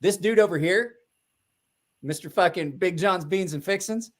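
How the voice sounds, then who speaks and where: A man's voice: high-pitched, moderate pace. A man hosting a casual livestream chat, talking in a loose, profane, rambling way with frequent restarts. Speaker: livestream host.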